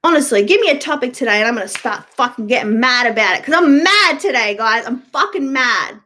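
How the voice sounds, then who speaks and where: Brief: woman streamer venting to her chat, high and lively voice, profane and unfiltered. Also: quick pace. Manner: blunt, profane and fired-up, answering viewer comments. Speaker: YouTuber live-streaming to chat. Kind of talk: casual ranting live-stream chat.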